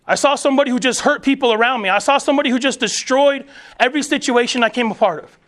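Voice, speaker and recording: A man's voice: extremely high pitch, fast talker, a bit bright. A man around forty, a military veteran, giving an emphatic, preacherly motivational speech to soldiers.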